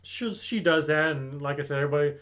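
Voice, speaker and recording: A man with a slightly higher voice gives a relaxed, chatty recap of an anime episode. He tells the story with energy and now and then slips into the characters' lines, acting out their reactions. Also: fast talker. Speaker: anime review host.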